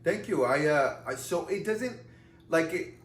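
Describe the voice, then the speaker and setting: Animated man telling stories in a roomy space. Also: a little high, unhurried. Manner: animated storyteller acting out quoted voices. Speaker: comedy video creator and actor. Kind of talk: casual podcast chat. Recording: roomy echo with faint ambience.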